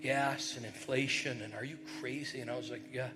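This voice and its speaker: A middle-aged man preaching a conversational sermon, telling a personal story and acting out the voices in it, with loud bursts now and then. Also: mid-range voice, fairly even intonation, a little fast, loud music behind the voice. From northern New York. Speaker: pastor.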